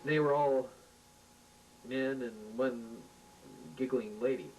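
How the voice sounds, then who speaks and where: A man reading a homemade science fiction story aloud, haltingly and with restarts, recorded at home from a distance with a faint rumble. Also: steady tone, darkish tone. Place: home room.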